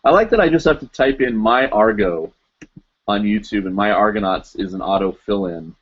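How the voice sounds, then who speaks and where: Host, man in his 40s, lowish voice, loose and chatty, laughs at himself, dull lo-fi desk mic. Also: lively intonation, moderate pace. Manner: rambling and self-mocking, chuckling often. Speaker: live stream host. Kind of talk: casual live-stream chat.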